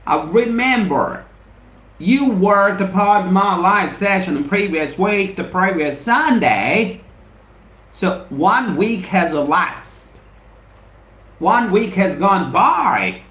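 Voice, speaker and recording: A man with an Indian English accent teaches a live spoken English lesson, greeting viewers by name and repeating his points with emphatic, motivational insistence. His voice is high-pitched and a bit bright, heard in an echoey room.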